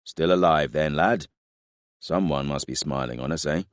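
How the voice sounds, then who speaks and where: A battered veteran soldier, as an audiobook narrator puts him on, gruff and wry. He speaks in a deep, plain voice. The recording is dry with no room sound. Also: moderate pace, no echo. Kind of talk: audiobook character voice.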